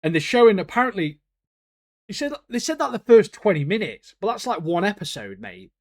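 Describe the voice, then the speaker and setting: Man, podcast co-host, slangy and excitable, voice sits on the high side. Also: a little fast. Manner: laughs often, slangy and excitable. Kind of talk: casual chat.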